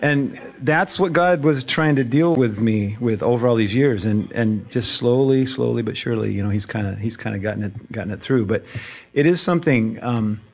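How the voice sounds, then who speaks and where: A middle-aged man pastor speaking in a church, conversational and self-deprecating, with halting restarts. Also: medium pitch. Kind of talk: casual sermon talk.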